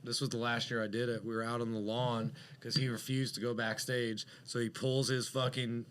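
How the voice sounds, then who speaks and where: A man's voice: mid-range voice, flat delivery, normal speed, a bit bright, slight background noise. A man on a podcast telling a long story in casual chat, rambling and profane, with lots of fillers. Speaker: podcast co-host.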